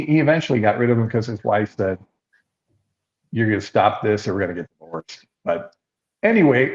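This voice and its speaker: A man's voice: on the low side, darkish tone. An older man, a podcast co-host, telling rambling anecdotes in casual chat and acting out the quotes. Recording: slightly dull lo-fi sound.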